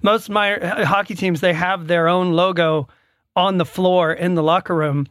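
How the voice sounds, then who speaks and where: A man's voice: high-pitched, fairly even intonation, fairly bright tone, dry recording, studio quality. A man co-hosting a podcast in casual chat who often stammers and restarts his sentences. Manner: stammers and restarts, quick laugh. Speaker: podcast co-host.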